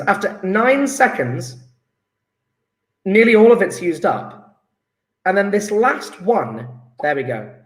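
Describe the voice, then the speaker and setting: A man teaching a chemistry lesson live online, enthusiastic and coaxing, praising students by name with quick asides. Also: high-pitched. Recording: roomy echo.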